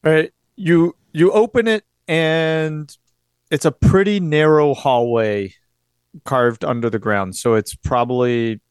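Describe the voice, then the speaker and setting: A man running a tabletop game as game master, describing scenes in a casual, halting way. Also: fairly high pitch, clean tone, no room sound, clean studio sound.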